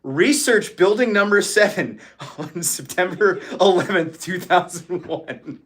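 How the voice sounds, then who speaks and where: A man's voice: high-pitched, lively intonation, unhurried, a bit bright. A man hosting a casual livestream chat, ranting with lots of swearing and laughing often. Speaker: livestream host.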